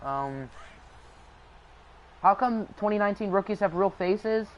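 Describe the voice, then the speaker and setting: This young man hosts a live stream of a simulated football game, commentating in a high, expressive voice at an unhurried pace. He's casual and jokey with viewers, reading and answering the chat, over dull audio with slight background noise.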